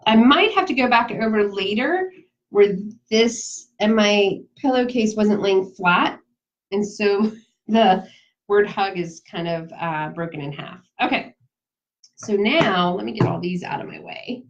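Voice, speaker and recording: A woman's voice: mid-range voice, a little slow. A woman giving a casual live craft demonstration, chatty, laughing easily and talking straight to her viewers. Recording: dull lo-fi sound.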